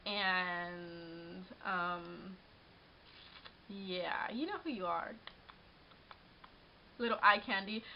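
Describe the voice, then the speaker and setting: A young woman in her twenties telling a personal story in a casual vlog, rambling with many restarts, recorded on a camera mic at home. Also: mid-range voice. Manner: rambling, frequent restarts and "like", shaken but laughing. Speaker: vlogger. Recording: dull lo-fi webcam audio.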